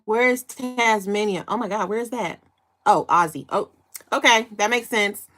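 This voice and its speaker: A livestreamer from Chicago in her 20s speaks at normal speed with a medium-pitched, fairly bright voice. She's giggly and chatty, going through viewer comments in a casual stream.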